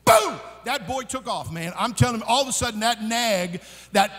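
A man preaching at a youth conference, telling a comic story with shouts and laughs. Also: high voice, normal speed. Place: large conference hall. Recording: long hall reverb.

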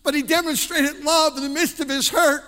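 A man preaching a sermon as pastor in a church, impassioned, swinging between hushed and shouting. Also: very high voice, fairly even intonation, normal speed, big-room sound. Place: church sanctuary.

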